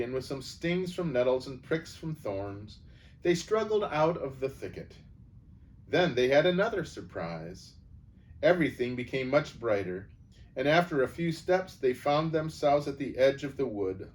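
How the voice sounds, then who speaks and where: A man's voice: medium pitch, measured pace. Man reading a storybook aloud. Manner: calm, even storybook reading. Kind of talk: reading a children's novel aloud. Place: church setting. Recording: distant mic, faint background noise.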